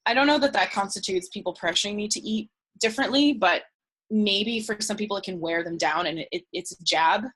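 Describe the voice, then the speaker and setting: A woman's voice: mid-range voice, animated, moderate pace, fairly bright tone. A young woman speaking as an interview guest in casual conversation, chatty and laughing often, acting out what other people say. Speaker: guest researcher.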